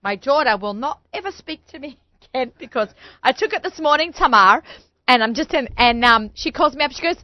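A woman in her forties hosting a radio talk show, chatty and excitable, often laughing. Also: sits high, brisk, no echo, dull audio. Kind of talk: casual chat.

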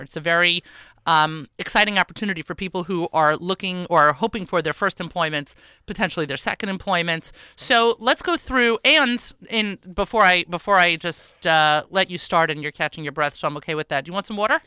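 A woman hosts a live radio talk show in a bright, sharp voice. She chats playfully, tosses off quick asides and laughs often. The sound is dry and close to the mic. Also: on the low side, clean tone, no room sound.

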